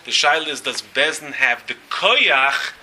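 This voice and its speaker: A man's voice: mid-range voice, expressive, measured pace, sharp tone, a little hiss or hum, low-quality recording. A man giving a Talmud lecture as rabbi to a class, talking emphatically and firing questions at the room. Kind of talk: Talmud lecture with interjections from students.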